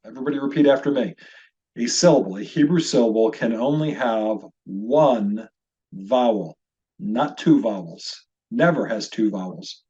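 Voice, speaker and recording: A man's voice: mid-range voice, expressive, moderate pace, mellow. Patient male Hebrew teacher, lo-fi audio. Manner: patient, methodical explaining, invites viewers to repeat aloud. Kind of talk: recorded video lesson.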